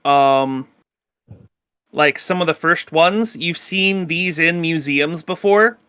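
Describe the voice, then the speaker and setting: Bright, clear-voiced young male game master. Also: on the high side, slow pace, dry recording, clean studio sound. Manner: casual, rambling, lots of filler words. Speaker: dungeon master. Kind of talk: narrating a tabletop game.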